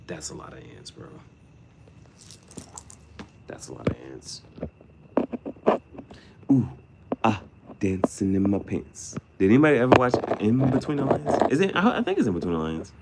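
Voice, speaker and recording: A man vlogging in a casual rambling monologue, slangy and swearing, jumping between topics, laughing often, his voice shooting high on sudden outbursts. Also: huge pitch swings, moderate pace, creaky, long pauses, very noisy.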